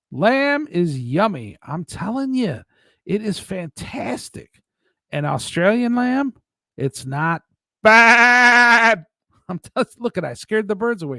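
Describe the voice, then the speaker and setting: A man's voice: a little high, no echo, studio quality. A man hosting a casual live stream, rambling and chuckling as he talks to his chat by name.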